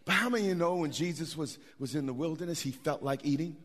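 A middle-aged man preaching a sermon, animated, with repetitions and asides to the congregation. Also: fairly high pitch, quick pace. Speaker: pastor.

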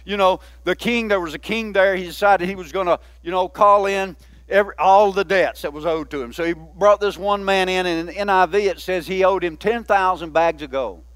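Man, pastor, high-pitched voice, dry close sound, folksy conversational sermon. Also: fairly quick, a bit bright, no room sound. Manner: folksy, conversational preaching with many asides.

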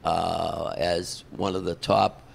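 A man's voice: low-pitched, level tone, takes it slowly, gravelly, a little hiss or hum. An older man, a concert promoter telling a long rambling backstage story full of fillers and restarts. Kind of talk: casual storytelling.

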